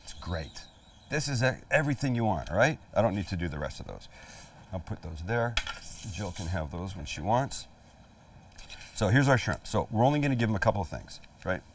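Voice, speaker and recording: Low-voiced and brisk, with big swings in pitch, a middle-aged man runs a casual cooking demo, joking and chatting through every step. He's at a flat-top grill in an outdoor kitchen, slightly far from the mic, with food sizzling faintly and a little background noise.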